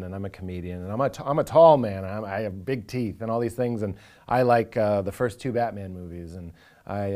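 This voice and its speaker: A man's voice: fairly low pitch, warm tone. A man, a comedian talking earnestly and with animation in a reflective interview, now and then acting out inner voices for a laugh.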